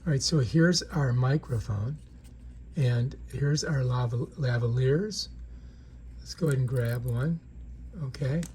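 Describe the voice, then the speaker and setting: A man's voice: mid-range voice, unhurried, darkish tone, slight background noise. A man giving a casual, chatty product demonstration in an indoor room, often checking in with the viewer. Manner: chatty, keeps checking in with "right?". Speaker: product reviewer.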